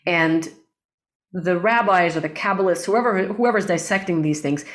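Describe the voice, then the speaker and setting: A woman with a lowish voice speaks as an interview guest, explaining breathwork in an earnest, teaching way. She often checks in with "right?" and recites lines of Hebrew prayer. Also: moderate pace. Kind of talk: reflective interview talk.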